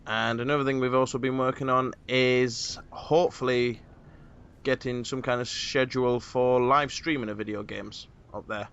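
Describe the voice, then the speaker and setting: A man's voice: mid-range voice, steady tone, normal speed, gravelly, fairly bright tone, clean tone, dull audio. A man hosting a casual podcast, rambling with many fillers. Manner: rambling, filler-heavy planning talk. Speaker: podcast host.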